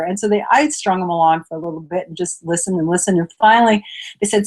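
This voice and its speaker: A woman co-hosts a relaxed podcast chat. She laughs easily and asks curious follow-ups. Her voice sits at a middle pitch for a woman. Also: fast. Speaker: podcast co-host. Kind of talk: casual chat.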